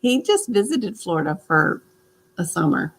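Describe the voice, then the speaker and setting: A woman's voice: on the low side, big pitch swings, moderate pace, a little hiss or hum, poor audio. A middle-aged woman with a Midwestern accent, chatting and telling stories in a family vlog. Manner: chatty, laughing, storytelling. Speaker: vlogger host. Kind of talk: casual family chat.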